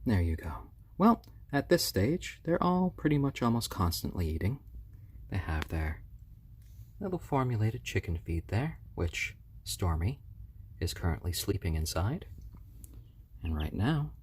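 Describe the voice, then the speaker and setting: A man hosting a casual live stream, talking softly and fondly to baby chicks, with relaxed, halting speech full of fillers. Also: sits low, slight background noise. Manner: soft, fond cooing to baby birds. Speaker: live-stream host showing pet chicks.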